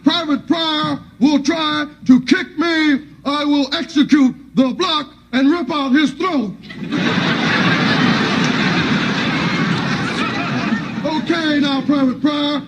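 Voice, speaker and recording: A man's voice: very high-pitched, steady tone, takes it slowly, hardly any pauses. A male host bantering in a playful, mock-scolding manner during a comedy sketch. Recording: noisy old TV broadcast.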